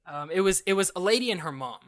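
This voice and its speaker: A young man co-hosting a podcast, telling a story in a casual, animated way and acting out the other people's lines. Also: high voice. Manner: animated, acts out quoted dialogue; restarts and fillers, quick asides. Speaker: podcast co-host.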